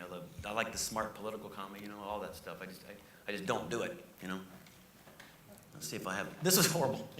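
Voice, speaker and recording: A male comedian telling stories in a casual interview, animated and jokey. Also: fairly low pitch. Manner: animated, jokey, acts out voices. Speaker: comedian guest. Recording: roomy, distant mic, noisy.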